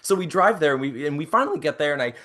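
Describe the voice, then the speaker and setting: A young man co-hosting a casual chat, telling a long story in an animated, rambling way and acting out the people in it. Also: a little high, very fast. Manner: animated, rambling, acts out quotes. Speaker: podcast co-host.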